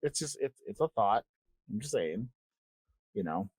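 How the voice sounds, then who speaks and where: A man's voice: on the low side, lively intonation, unhurried, darkish tone, slightly rough, dry recording. A man co-hosting a podcast in casual chat, rambling, trailing off and restarting his sentences, swearing now and then. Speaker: podcast co-host.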